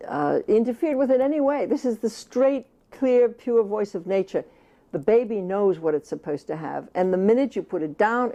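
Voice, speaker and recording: A woman's voice: mid-range voice, mellow, dull audio. An older woman, an author, giving impassioned, emphatic interview answers and at times speaking as if she were the baby. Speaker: author interviewed about child care.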